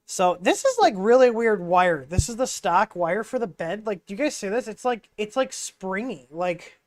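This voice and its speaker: A man's voice: sits high, lively intonation, normal speed, no room sound. Guy rambling thru a hands-on tech stream, lots of "like", dry close sound, wireless mic. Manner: rambling, filler-heavy, explains while tinkering. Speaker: livestream host. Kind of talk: casual hands-on tech livestream.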